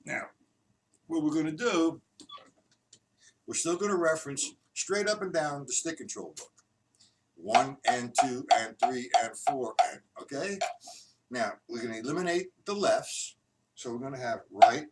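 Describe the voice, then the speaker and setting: A man's voice: mid-range voice, animated. A man teaching a live-streamed drum lesson, patiently counting beats aloud and explaining each exercise. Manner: slow, patient counting aloud, demonstrating rhythms. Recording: distant mic with loud noise.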